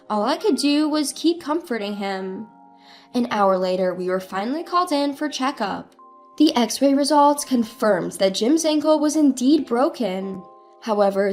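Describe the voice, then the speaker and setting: A woman's voice: on the high side, darkish tone. A woman telling a first-person story in earnest, dramatic scripted narration.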